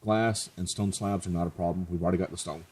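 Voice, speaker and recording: Let's play host, male, low and husky, chatty and jokey. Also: steady tone, fast talker, a little mellow. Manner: chatty, joking, self-mocking. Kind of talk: casual gameplay commentary.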